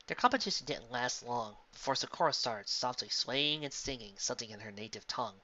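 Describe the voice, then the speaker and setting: A man reading a fan fiction story aloud with animated narration. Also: mid-range voice, fairly quick, few pauses, lo-fi sound. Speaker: audiobook reader.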